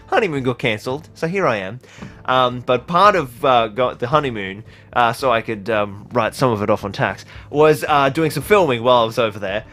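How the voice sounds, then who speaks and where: A man's voice: mid-range voice, bright, forceful tone. A young man from Australia hosting a casual livestream, reading out chat with lots of fillers and laughter. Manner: rambling, laughs often, many fillers.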